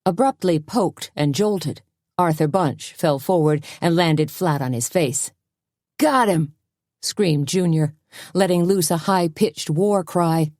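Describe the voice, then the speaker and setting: A woman narrating a cozy mystery audiobook in an expressive storytelling manner. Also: sits low, a little slow, no echo, studio quality. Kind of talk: scripted narration.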